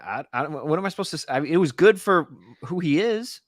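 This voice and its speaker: Male co-host, wry joker, animated pitch, dry close sound. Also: quick pace, dry recording. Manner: wry, joking asides. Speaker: podcast co-host. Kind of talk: casual sports chat.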